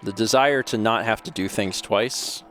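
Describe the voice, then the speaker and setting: A man's voice: fairly low pitch, normal speed, a bit bright, faint music behind. A young adult man giving casual gameplay commentary as a streamer, chatting to himself while he plays.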